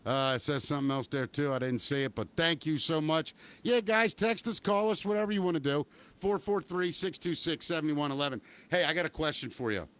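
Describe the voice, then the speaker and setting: A man's voice: on the high side, a little fast, few pauses, pushed and bright, clean tone. A man hosting a casual live talk show, rambling and hedging with upbeat plugs for listeners. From Baltimore, Maryland. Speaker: podcast host.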